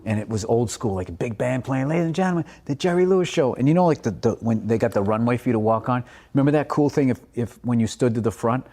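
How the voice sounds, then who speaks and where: A middle-aged man, a stand-up comedian, telling profane, animated stories in a casual podcast chat. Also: mid-range voice, quick pace, hardly any pauses.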